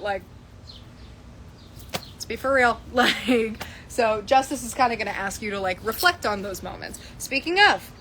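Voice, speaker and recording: A woman's voice: on the high side, a bit bright, slight background noise. A young woman teaching a casual tarot lesson, chatty and candid, swearing freely and laughing often.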